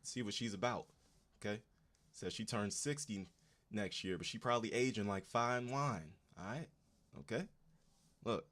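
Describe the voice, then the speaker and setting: A man's voice: lowish voice, moderate pace, pauses often, a bit bright. A man hosting a casual livestream, talking straight to his chat in laid-back slang. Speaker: livestream host.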